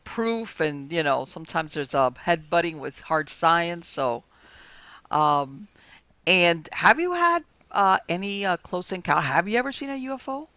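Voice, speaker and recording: A man hosting an interview, asking questions and jumping in with quick, animated remarks. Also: a little high, no room sound. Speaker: podcast host.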